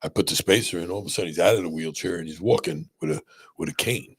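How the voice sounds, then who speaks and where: A man hosting a casual podcast conversation as a spine surgeon, telling animated stories and often checking in with "right?". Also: low-pitched, fast, husky. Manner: animated storyteller, many restarts and "right?" checks.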